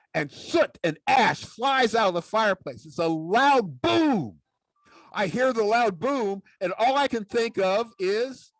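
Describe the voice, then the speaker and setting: A man telling a humorous personal story as a public speaker, animated and acting out the voices of the people in it. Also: sits high, no echo, rough recording. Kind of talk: storytelling speech.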